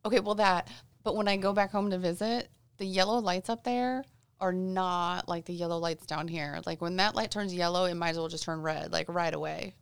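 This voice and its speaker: Low, gravelly-edged woman chatting easily. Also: normal speed, dry recording. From small-town Illinois. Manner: easygoing, laughs often. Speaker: guest. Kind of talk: casual chat.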